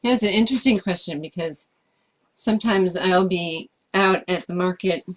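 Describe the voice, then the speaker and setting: A woman's voice: on the low side, moderate pace, fairly bright tone. A woman chatting casually as she answers viewer questions about life with her service dog, thoughtful and hesitant, with frequent fillers. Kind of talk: casual Q&A chat.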